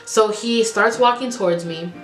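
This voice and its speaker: A young woman vlogger, from the Midwest, telling a personal story in a casual, animated way with plenty of fillers and asides. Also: mid-range voice, normal speed, reverberant, faint music behind. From Chicago.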